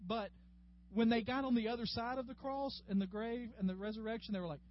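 A man's voice: very high-pitched, fairly even intonation, fairly quick. A man teaching a conversational Bible class, chatty and folksy, calling on class members by name. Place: classroom with a group. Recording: dull lo-fi room recording with faint hum.

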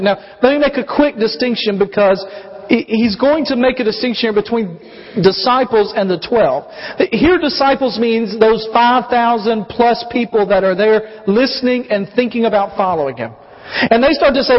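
A man preaching a sermon as pastor, telling the story in an animated way and acting out voices. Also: high voice, normal speed. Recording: muffled recording with long hall reverb.

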